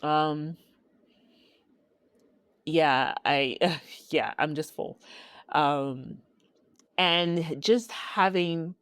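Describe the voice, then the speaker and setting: Slow, heartfelt Ghanaian woman podcaster. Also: low-pitched, a bit bright, smooth, no echo, studio quality. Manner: slow, heartfelt, with sighs and laughs. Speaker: podcast host. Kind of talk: reflective solo podcast talk.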